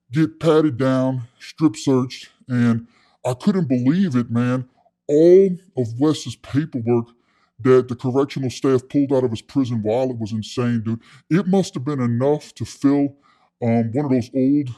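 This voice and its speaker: A man's voice: medium pitch, mellow. A man casually telling a comic story, rambling with slang and fillers. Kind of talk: comedic storytelling.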